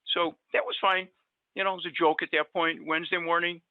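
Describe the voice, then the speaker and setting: With a voice on the high side and little pitch movement, this middle-aged guest dentist talks a little fast as he spins long personal stories full of fillers. The casual storytelling comes through a dry, tinny line that sounds like a phone, with no room sound.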